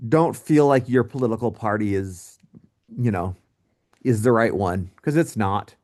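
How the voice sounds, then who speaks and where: A man teaching a history lesson in a casual, joking way, with lively asides to his students. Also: fairly low pitch, unhurried. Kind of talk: recorded history lecture.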